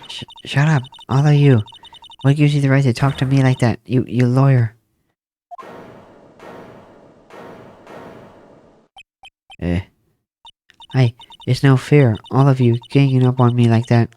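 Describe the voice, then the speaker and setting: A man's voice: medium pitch, fairly even intonation, moderate pace, mellow, a little hiss or hum, pitched above the performer's own voice, lightly acted. A man voicing a sassy, bratty young woman witness in a game, with a whiny, mocking and indignant manner. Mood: flustered. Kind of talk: voicing a video game's text for a let's play.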